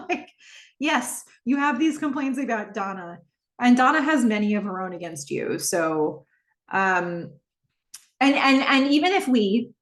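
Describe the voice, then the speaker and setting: In an unhurried way, a woman on a podcast recaps a TV episode scene by scene. It's a casual, animated retelling in which she acts out the characters' lines and shifts pitch to quote them, all with a roomy echo.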